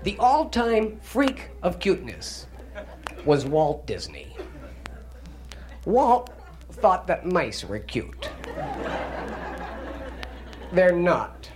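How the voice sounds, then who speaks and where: A man in his thirties from Canada performing a stand-up comedy monologue, telling wry stories that build to sudden loud punchlines. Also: high-pitched, wildly swooping pitch, extremely slow, pauses often, a faint crowd. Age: 30s. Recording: noisy live comedy recording.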